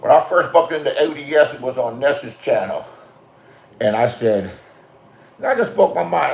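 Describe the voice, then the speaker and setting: A man's voice: mid-range voice, lively intonation, normal speed, vocal fry, pauses often. A middle-aged man from California giving a crude, confrontational rant full of swearing and street stories. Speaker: vlogger. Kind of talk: profane ranting monologue. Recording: roomy echo.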